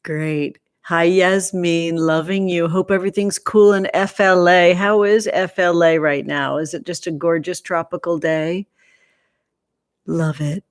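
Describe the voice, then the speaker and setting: Woman hosting a casual livestream, low-ish voice, gushy and sweet to everyone, dry close sound. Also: fairly even intonation, unhurried, clear, resonant tone, no echo. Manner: gushing and affectionate, calling viewers honey and sweetie. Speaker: host greeting livestream viewers.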